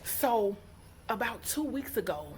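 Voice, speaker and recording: A middle-aged woman, a mother, telling a story to her viewers in a casual, outspoken and animated way, acting out what each person said. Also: on the high side, measured pace, a little hiss or hum. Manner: animated, outspoken, quotes people in character. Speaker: vlogger, mother.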